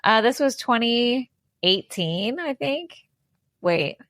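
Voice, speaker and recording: A woman's voice: fairly high pitch, lively intonation, takes it slowly, a bit bright, no echo, clean studio sound. A woman in her thirties from the Midwest, co-hosting a podcast in a casual, teasing, giggly chat. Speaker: podcast co-host.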